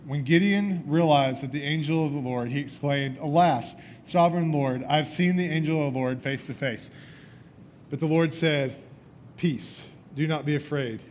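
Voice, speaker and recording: A man preaching a sermon, retelling a scripture story with lively storytelling and acting out the characters' lines. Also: on the high side, a little hiss or hum.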